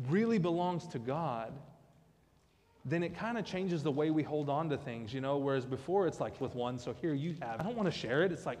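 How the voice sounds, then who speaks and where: A man's voice: on the high side, a little mellow, in a large hall. A man preaching a conversational sermon with joking asides, as pastor of a church. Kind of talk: casual sermon. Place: church sanctuary.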